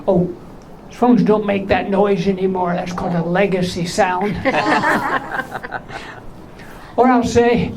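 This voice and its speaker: A man doing stand-up comedy in a small theater with a weak, high voice from voice surgery. He teases the audience with innuendo. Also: slow pace, long pauses, background noise. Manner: teasing banter with the audience, full of innuendo. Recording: live show with audience laughter.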